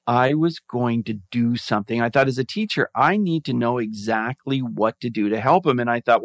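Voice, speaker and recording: A man's voice: medium pitch, normal speed, few pauses, dry recording. A man and former music teacher, a guest giving earnest, reflective interview answers, often restarting his phrases.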